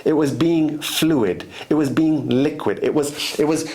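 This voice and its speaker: A man's voice: fairly high pitch, a little slow, a little mellow. A man giving a motivational monologue as host, emphatic and repetitive, often restarting his sentences.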